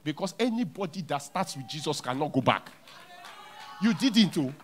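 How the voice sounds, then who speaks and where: A man preaching a sermon as pastor in a church, with a Nigerian English accent, repeating key lines and swinging from hushed to loud. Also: on the high side, expressive, fairly quick, faint music behind.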